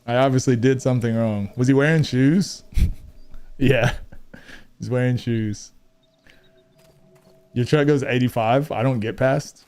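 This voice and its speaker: A man's voice: medium pitch, unhurried, pauses often, darkish tone, clear, resonant tone, faint music behind. A man streaming a game, chatting casually and teasing his viewers with frequent laughs. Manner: playful, teasing, laughs often. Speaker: gaming streamer.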